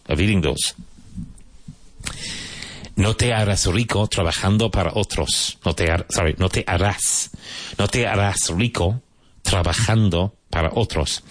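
A man hosting a radio-style English lesson, repeating words slowly and pointing out which syllable takes the stress. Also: low voice, no echo. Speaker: English teacher.

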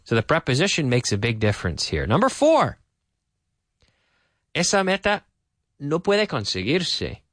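A man teaching an English lesson, repeating phrases slowly and then explaining them. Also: on the high side, huge pitch swings, a bit bright.

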